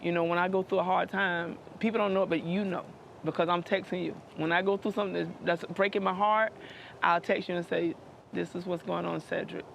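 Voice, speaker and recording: A woman's voice: fairly low pitch, steady tone, a little fast, creaky, slight background noise. A middle-aged woman speaking earnestly and emotionally to her adult son, repeating phrases the way a preacher does. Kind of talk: heartfelt conversation.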